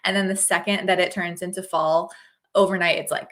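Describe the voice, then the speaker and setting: A woman's voice: lowish voice, fairly even intonation, normal speed, fairly bright tone. A woman from Oregon hosting a casual livestream chat, upbeat and chatty, greeting viewers by name, with a slight cold. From Oregon, USA. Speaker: host.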